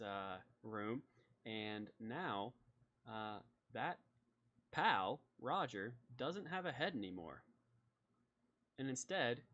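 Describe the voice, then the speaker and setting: A man's voice: mid-range voice, fairly bright tone. Casual male game master, muffled sound. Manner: casual, halting, with many fillers. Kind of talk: narrating a tabletop game.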